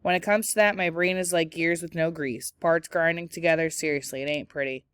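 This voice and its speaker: A woman's voice: low voice, fairly even intonation, a little fast, a bit bright, clear, resonant tone, no echo, studio quality. A woman voicing an easygoing teenage brother, a mechanic who teases his sister in a laid-back way. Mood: joking.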